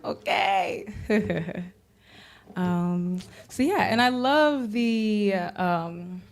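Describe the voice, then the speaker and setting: A woman from Cameroon introducing her poetry performance, thanking organizers with relaxed, hesitant fillers. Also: fairly low pitch. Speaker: performing poet and musician. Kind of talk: stage introduction before a performance.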